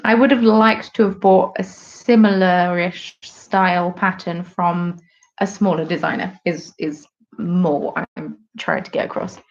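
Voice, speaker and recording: A woman's voice: fairly low pitch, fairly even intonation, measured pace, muffled recording. A woman hosting a knitting podcast live, chatting casually and rambling while she knits and reads out viewer comments at home. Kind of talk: casual live-stream chat.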